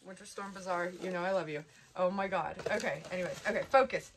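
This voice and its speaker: A woman chatting casually as she unboxes a subscription box, bubbly and gushing with excitement. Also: on the low side, fast, noisy background. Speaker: vlogger.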